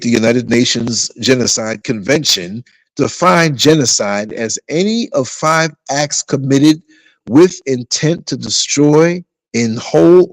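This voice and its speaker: A man hosting a casual livestream, telling rambling, animated stories and reading comments from viewers. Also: medium pitch, no echo, rough recording. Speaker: livestream host.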